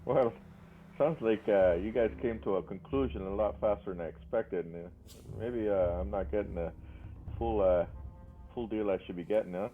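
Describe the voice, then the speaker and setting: A man voicing a friendly male deep gnome adventurer in a tabletop game, chatty and easygoing. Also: normal speed, soft background music, close to an everyday voice. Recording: tinny voice-chat line.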